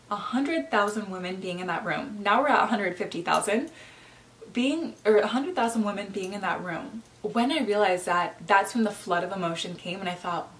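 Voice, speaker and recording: A young lifestyle coach speaks to camera in a heartfelt vlog, her medium-pitched voice picked up far from the mic. Teary and emotional, she thanks her viewers, encouraging them and addressing them as sisters.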